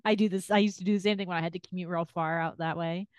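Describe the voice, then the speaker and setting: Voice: medium pitch, fairly even intonation, quick pace, smooth, no echo. A podcast host in casual chat, laughing often and giving short replies.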